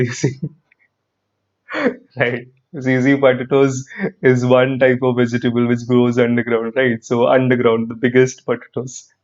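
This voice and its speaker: A man with an Indian English accent teaching an online grammar class, lively and repetitive, quizzing his students as he goes. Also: medium pitch, lo-fi sound. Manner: lively, repeats phrases, quizzes students, frequent "perfect".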